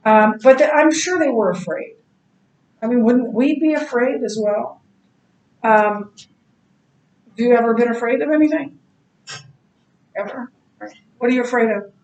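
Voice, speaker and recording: A middle-aged woman teaching a Bible class in a casual, animated way, telling stories and laughing easily. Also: on the high side, unhurried, pauses often. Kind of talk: casual classroom lecture with anecdotes. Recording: echoey classroom, distant mic.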